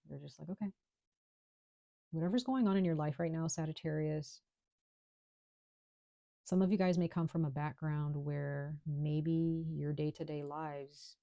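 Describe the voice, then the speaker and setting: A woman with a low, mellow voice gives a casual tarot reading from home. She talks in a chatty, reassuring way, full of fillers. The sound is dry and close to the mic. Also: gravelly, no room sound. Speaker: tarot reader.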